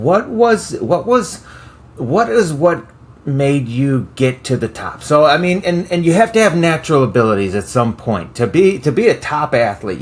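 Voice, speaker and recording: A man hosting a podcast, asking long, rambling questions with restarts. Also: mid-range voice. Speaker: podcast host. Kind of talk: casual interview questions.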